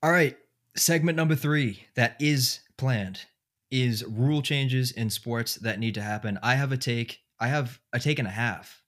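A man's voice: mid-range voice, measured pace, fairly bright tone. A man hosting a casual sports podcast, thinking aloud with lots of fillers. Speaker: podcast host.

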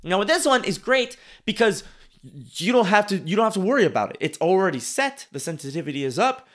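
Animated man coaching on public speaking. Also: high-pitched, fairly quick. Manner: animated, demonstrative, repeats phrases for emphasis. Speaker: podcast host and speaking coach. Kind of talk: instructional podcast talk.

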